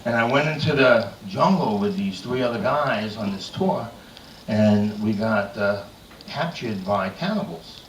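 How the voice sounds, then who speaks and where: A man's voice: lowish voice, lively intonation, unhurried, a little hiss or hum. A man doing a bawdy stand-up set in a comedy club, telling dirty jokes with lots of "I said, he said.". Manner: crude, bawdy joke-telling with frequent "I said, he said". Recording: echoey room, mic far off.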